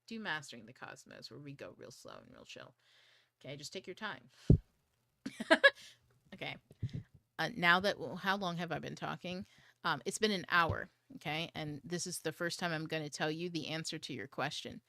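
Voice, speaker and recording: Chatty, low-voiced woman. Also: expressive, normal speed, creaky, pushed and bright, no room sound. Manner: chatty and swearing, with whispered asides. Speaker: host of an online study group. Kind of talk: casual livestream talk.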